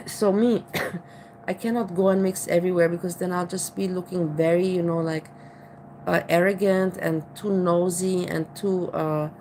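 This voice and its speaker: An Austrian-accented woman chats in a loose, rambling way, circling back and repeating herself as she talks. Her voice sits a little low, and there is a faint hiss under the recording. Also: a little mellow, poor audio. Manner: rambling, with many restarts and repeated "you know". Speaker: vlogger. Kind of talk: casual chat.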